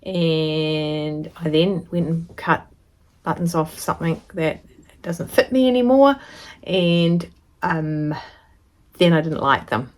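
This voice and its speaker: Speaking slowly in a low voice, a New Zealand woman who makes sewing vlogs unboxes a parcel and chats casually. She rambles a bit and is easily delighted.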